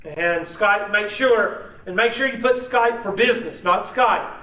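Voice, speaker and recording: A man's voice: sits high, unhurried, bright, forceful tone. A man, teaching a college class in a casual, joking way. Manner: casual, joking, drawling with y'all. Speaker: college instructor. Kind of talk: classroom instruction. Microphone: room recording from a distance. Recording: echoey, distant, dull classroom recording.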